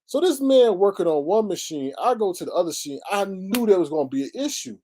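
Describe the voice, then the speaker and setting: A man hosting a casual livestream, telling stories and venting with big swings in pitch and sudden exclamations. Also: lively intonation, quick pace, darkish tone, a little hiss or hum. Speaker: livestream host. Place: at home by a computer, streaming live.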